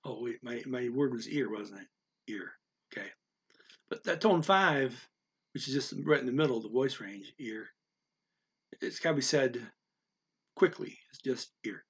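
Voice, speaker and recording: A man teaching the tones of Mandarin in a casual spoken lesson, unhurried and halting, stopping to demonstrate with exaggerated high and low sounds. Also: lively intonation, husky. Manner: unhurried, halting with fillers and restarts.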